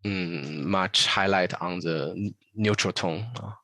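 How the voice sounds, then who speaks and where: A man from northern China with a Chinese accent, a Mandarin teacher explaining language points in a casual interview, pausing often with "uh" fillers. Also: deep voice, pushed and bright, no echo. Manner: hesitant, many "uh" fillers, models Mandarin phrases.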